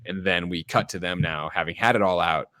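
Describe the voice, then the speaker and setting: A podcast host talks through a movie's scenes in a rapid, casual rush, dropping swear words as he goes. His voice sits low, and the sound is dry and close with no room around it. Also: sharp tone, dry recording. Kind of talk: casual movie review chat.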